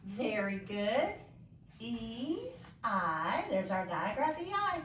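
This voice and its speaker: A woman teacher giving a phonics lesson to young children, slow and deliberate, praising and encouraging her pupils. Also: fairly high pitch, very animated, fairly bright tone, reverberant, slight background noise.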